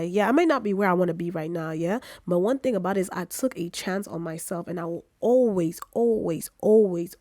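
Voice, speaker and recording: A woman's voice: medium pitch, dry recording, clean studio sound. A young woman vlogging candidly to her camera, emphatic and slangy, repeating words for effect. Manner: expressive, emphatic, repeats herself, slangy asides. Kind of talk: candid personal vlog talk. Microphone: camera mic.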